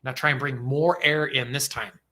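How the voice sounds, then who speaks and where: A man's voice: mid-range voice, fairly even intonation, normal speed, sharp tone. A man coaching viewers on a livestream, earnest and emphatic, repeating phrases for effect. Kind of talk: livestream talk and guided breathing.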